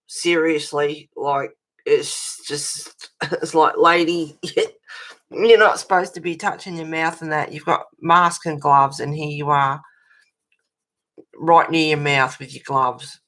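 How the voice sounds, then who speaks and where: A low-voiced Australian woman hosts a colouring livestream in a casual chat. She rants bluntly and swears freely, breaking off to answer chat messages. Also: fairly even intonation, slow pace, a bit bright. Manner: reacts to chat messages with laughs.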